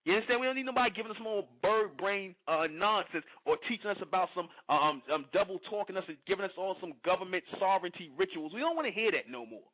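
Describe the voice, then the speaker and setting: A man's voice: high-pitched, animated, fast talker, few pauses. A man, delivering a preachy, confrontational monologue to his followers and asking again and again whether they understand. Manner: confrontational, repeats "you understand?". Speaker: online speaker addressing followers. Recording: phone-like lo-fi audio.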